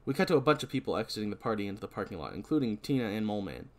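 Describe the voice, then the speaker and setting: A man's voice: lowish voice, very animated, rapid-fire. A man co-hosting a podcast, casually recapping a horror movie plot. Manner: narrates plot, laughs a lot. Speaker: podcast co-host.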